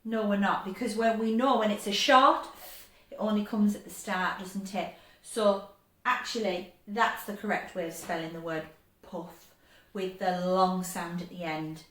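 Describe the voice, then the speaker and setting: A woman's voice: mid-range voice, steady tone. Teacher lady doing phonics for little kids, drags the sounds out, kinda echoey. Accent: English. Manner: bright and encouraging, stretches sounds out slowly. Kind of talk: phonics lesson for young children.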